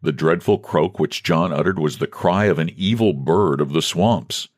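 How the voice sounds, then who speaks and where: A man narrating a classic short thriller story in a measured storytelling manner. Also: deep voice, no echo, studio quality. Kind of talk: scripted narration.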